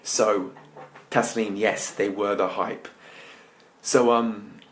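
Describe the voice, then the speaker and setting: A man's voice: fairly low pitch, takes it slowly, a little hiss or hum. Chatty man telling his story. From England. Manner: lively, chatty, speaks straight to listeners. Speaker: motivational speaker. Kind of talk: storytelling talk to an audience.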